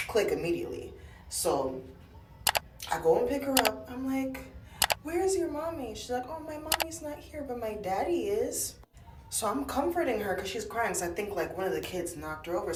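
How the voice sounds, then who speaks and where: A woman with a lowish voice tells a story casually, acting out each line of dialogue with drama. She sounds a little far from the mic in an echoey room with faint noise. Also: a little mellow. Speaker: storyteller to camera. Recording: echoey, from some distance.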